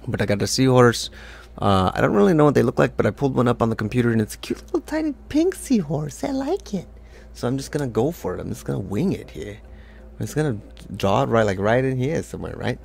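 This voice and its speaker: A man's voice: mid-range voice, creaky, a little mellow, a little hiss or hum. A man leading a casual draw-along lesson, talking loosely with lots of "like" and little sound effects as he draws. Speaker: art teacher.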